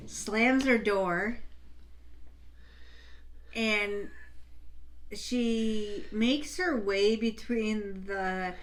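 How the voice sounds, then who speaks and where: A woman's voice: medium pitch, drawn-out words, long pauses. A woman from Canada with a Canadian English accent, co-hosting a casual chat and telling a story in a rambling way, full of fillers and swearing. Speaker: co-host.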